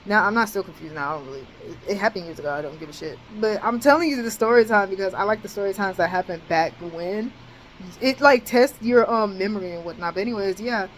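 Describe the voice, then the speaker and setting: A woman's voice: medium pitch, fast, slight background noise, low-quality recording. A young woman telling a personal story to the camera in a casual, candid way, cursing freely and acting out what people said. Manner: candid, swearing, animated retelling with quoted asides.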